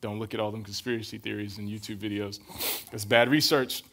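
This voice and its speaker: A young adult man preaching a relaxed, conversational sermon, telling stories and often checking in with his listeners. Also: lowish voice, a little fast. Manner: casual, storytelling, keeps checking in with "right?".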